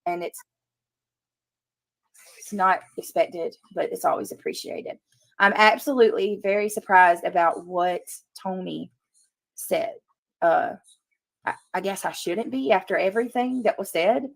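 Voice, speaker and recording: A woman's voice: fairly low pitch, a little slow, vocal fry, pauses often, dry recording. A woman hosting a casual livestream, talking earnestly to her chat and repeating her points for emphasis. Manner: talks to chat while reading comments. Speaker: livestream host. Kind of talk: casual live commentary.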